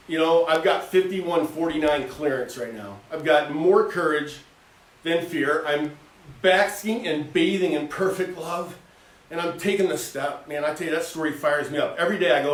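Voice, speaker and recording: A man co-hosting a faith talk show, talking in an animated, folksy way and acting out little voices as he preaches. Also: fairly high pitch, moderate pace, echoey room, recorded from a distance.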